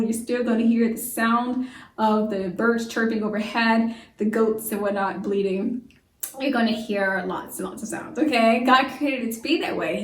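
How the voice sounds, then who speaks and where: A lively woman teacher leads a young class, firing off questions and answering them herself. Her voice sits a little high. She sounds a few steps back from the mic in an echoey room. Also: far from the mic. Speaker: homeschool teacher. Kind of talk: children's science lesson to camera.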